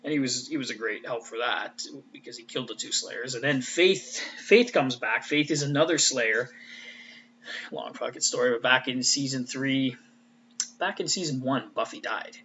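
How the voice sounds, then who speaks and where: A man talks loosely and casually, swearing often and restarting his sentences mid-thought. His voice is bright and forward. The recording sounds a little muffled, with a faint hiss underneath. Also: mid-range voice, moderate pace. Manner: loose and chatty, swears freely, trails off and restarts. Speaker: fan commentator. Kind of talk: casual rambling recap.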